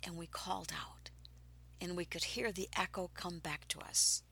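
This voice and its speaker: A woman telling a personal story slowly, breathy and dropping into whispers at times, then growing animated and excited. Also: fairly low pitch, slight background noise.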